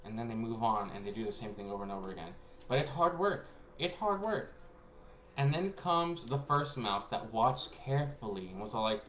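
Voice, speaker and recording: A man telling a rambling personal story to his viewers. He laughs often and swings between hushed asides and excited bursts. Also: on the low side, normal speed. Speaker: spiritual reader and vlogger. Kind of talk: casual rambling storytelling to camera. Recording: echoey room with faint background noise.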